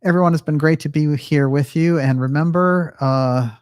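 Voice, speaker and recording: A man's voice: a little high, moderate pace, darkish tone, clear, resonant tone, no echo, clean studio sound. A man hosting a livestream, chatting casually and reading out viewer comments, with frequent fillers. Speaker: livestream host.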